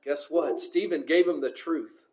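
Impassioned preaching man, slightly high voice. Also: measured pace, darkish tone, roomy sound. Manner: preachy, rising to impassioned cries. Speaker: pastor. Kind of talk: sermon and closing prayer.

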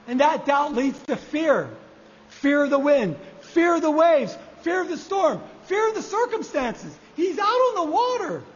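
High-voiced man preaching in an echoey hall. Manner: measured, repeating key phrases for emphasis. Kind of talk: sermon. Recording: echoey hall, dull lo-fi sound.

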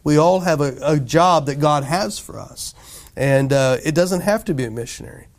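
A male pastor, voice on the high side and pace moderate, preaches in an easygoing, conversational style, questioning the congregation and dramatizing quoted voices.

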